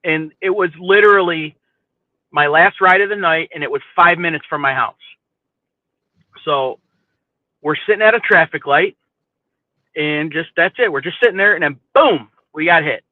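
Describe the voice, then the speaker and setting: Guy with a higher voice telling a story, swears a lot, sounds thin like it's over a phone. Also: moderate pace, long pauses, dry recording, narrow, tinny audio. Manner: profane, animated, keeps asking "you know what I mean". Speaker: podcast host telling a story. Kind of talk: casual storytelling chat.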